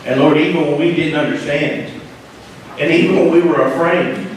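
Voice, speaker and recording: Preaching pastor in an echoey hall. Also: male voice, on the high side, steady tone, moderate pace, slight background noise. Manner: preaching with dramatic swings from loud to hushed. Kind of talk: sermon. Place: church sanctuary. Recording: echoey church hall, mic at a distance.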